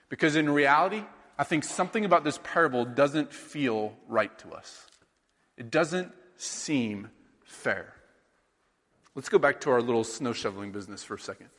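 A man's voice: mid-range voice, a bit bright. Guy in his 30s preaching, chatty, keeps asking the crowd stuff, big echoey hall. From rural Iowa, USA. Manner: conversational preaching with rhetorical questions. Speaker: pastor. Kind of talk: sermon.

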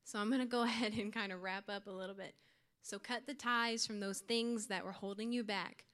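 A woman's voice: mid-range voice, fairly even intonation, fairly quick, fairly bright tone. A young woman giving an earnest, informal youth sermon to her church group, with light laughs. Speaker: youth speaker.

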